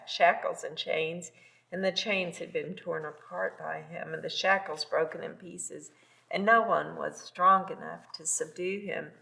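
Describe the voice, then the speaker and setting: A woman in a Bible class reading scripture aloud at a steady pace. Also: fairly low pitch, gravelly.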